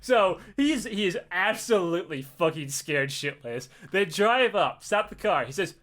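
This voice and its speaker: A man's voice: high-pitched, lively intonation, a little slow, a bit bright. A man casually telling a comic story, swearing often and acting out the voices with laughs. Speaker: podcast host telling a story.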